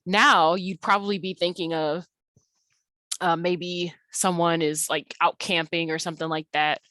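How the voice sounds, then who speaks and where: A woman's voice: lowish voice, steady tone, measured pace, bright, forceful tone, no echo. A woman teaching an English class in a recorded slide tutorial, explaining casually with lots of fillers and restarts.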